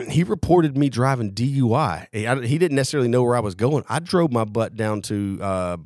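Man co-host, casual storyteller, salty and animated, dry room sound. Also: mid-range voice, moderate pace, no echo. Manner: animated, swearing, acts out his own past lines. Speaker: podcast co-host.

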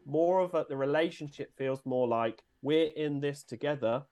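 A man's voice: a little high, moderate pace, darkish tone. A man who is a business coach, a guest in a casual interview, explaining ideas in a reflective coaching tone.

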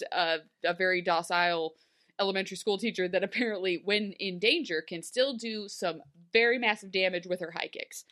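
Recapping a TV episode on the podcast she co-hosts, this young woman speaks a little fast at medium pitch. She chats casually, laughs a lot, and gigglingly imitates characters' lines in mock voices.

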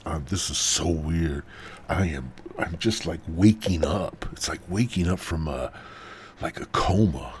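A man's voice: very deep voice, a little hiss or hum. A man hosting a comedic podcast, rambling crudely and slipping into mock ASMR whispers. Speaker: podcast host.

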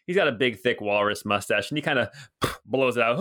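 A man narrating as game master of a tabletop game, slow and deliberate, searching for words as he describes scenes. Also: mid-range voice, fairly bright tone.

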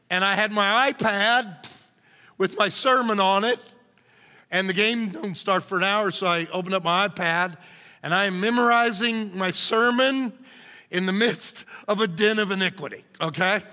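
A man pastor, telling an animated, joking story in a sermon. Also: high-pitched, a little slow, long reverb tail. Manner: animated, jokey, acts out shouting crowds.

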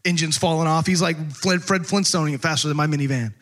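A man's voice: fairly high pitch, fast. A man preaching, telling a comic story and acting out the voices in it. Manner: animated, comic, acts out voices. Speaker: pastor. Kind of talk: storytelling sermon.

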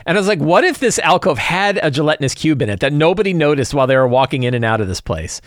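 A man talking through his prep for a tabletop game session, rambling with many restarts. His pitch swings in a lively way. The sound is dry and close. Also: fast, no room sound. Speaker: game master. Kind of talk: casual game prep talk.

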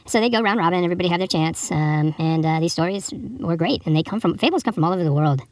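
A man's voice: a little high, expressive, fast talker, over music. A man hosting a podcast, telling improvised comic stories in a crude, rambling, profane way and breaking into a read fable with jokey asides. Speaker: podcast host.

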